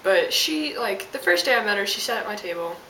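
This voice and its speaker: A woman's voice: mid-range voice, fairly quick, pushed and bright. A young woman telling an exasperated, sassy story as a casual vlog rant. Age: young adult. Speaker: vlogger. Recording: roomy, distant mic with hiss.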